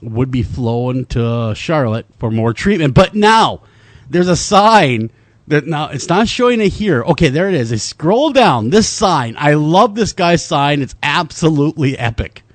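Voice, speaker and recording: A man's voice: on the high side, measured pace, no room sound. A man co-hosting a talk show, joking and reading a news story aloud in casual chat. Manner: animated, jokey, reads news aloud. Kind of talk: casual radio-style chat.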